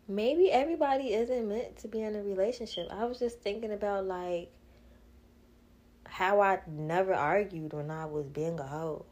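A woman's voice: medium pitch, darkish tone. A woman, hosting her own podcast in a blunt, candid casual monologue, laughing often and swearing freely. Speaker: podcast host.

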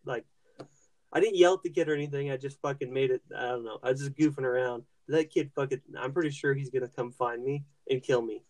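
A man's voice: mid-range voice, fast talker. A young man hosting a podcast, telling a rambling, swear-heavy story with lots of restarts and fillers. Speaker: podcast host. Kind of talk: casual profane storytelling.

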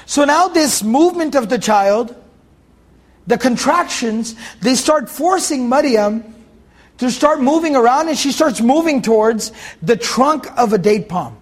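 A man's voice: very high-pitched, animated, a little slow. A man giving a Quran commentary lesson, explaining Arabic words and repeating key phrases for his students. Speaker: Quran teacher.

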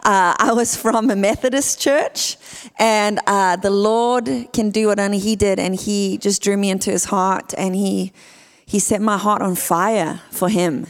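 A woman in her thirties with a South African accent, preaching a sermon as a guest speaker in a lively, chatty way. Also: medium pitch, measured pace. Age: 30s. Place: church sanctuary. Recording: church hall with long reverb.

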